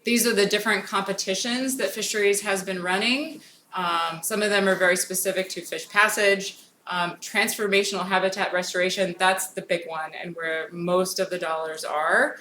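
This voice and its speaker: A woman's voice: medium pitch, fairly even intonation, pushed and bright. A woman giving a conference talk on grant programs in an informal way, often saying "um". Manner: informal, frequent "um" fillers, brisk. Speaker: federal grants program speaker. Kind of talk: conference presentation. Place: conference hall. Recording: echoey room with faint noise.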